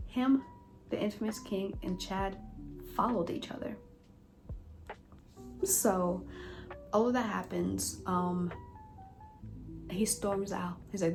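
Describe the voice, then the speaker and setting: A woman vlogger recounting a story to her viewers in a chatty, animated way, full of fillers and asides to the audience. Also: medium pitch, takes it slowly, long pauses, soft background music, rough recording. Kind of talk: storytime vlog.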